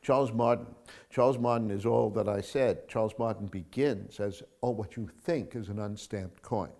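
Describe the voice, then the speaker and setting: Male screenwriter guest, lower voice, emphatic and animated, telling stories in answers. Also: normal speed. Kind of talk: interview answers.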